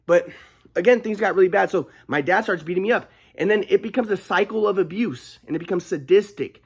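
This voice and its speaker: A man's voice: high-pitched, brisk, husky. A young adult man vlogging, telling a personal story in a rambling, aggrieved way with frequent restarts.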